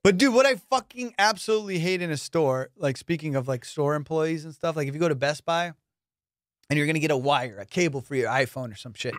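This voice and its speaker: A man's voice: on the high side, a little fast, dry recording, clean studio sound. A man hosting a podcast, chatting casually and telling stories full of swearing and laughter. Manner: profane, storytelling, laughs often. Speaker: podcast host. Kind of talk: casual chat.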